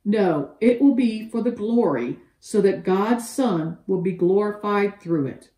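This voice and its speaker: Lively woman telling a Bible story to kids. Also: mid-range voice, a little slow, reverberant, poor audio. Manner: animated storyteller with expressive quoted voices. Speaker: children's Bible teacher. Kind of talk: storytelling Bible lesson for children.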